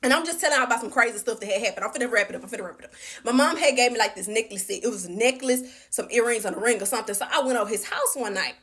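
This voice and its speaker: A woman telling a personal story to viewers in a chatty, animated way, full of fillers. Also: a little high, rapid-fire, hardly any pauses.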